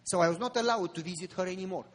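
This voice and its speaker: A man preaching a sermon, telling a personal story with drama and rising to fervent appeals in a husky voice. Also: sits high, rapid-fire. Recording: long reverb of a large hall.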